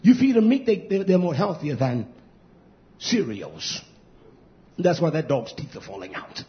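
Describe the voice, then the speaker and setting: Man, fiery preacher, high voice, drawn-out emphatic repeats, dull lo-fi sound. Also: very animated. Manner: impassioned, swinging between low mutters and shouted outbursts. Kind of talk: fiery sermon. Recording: dull lo-fi recording.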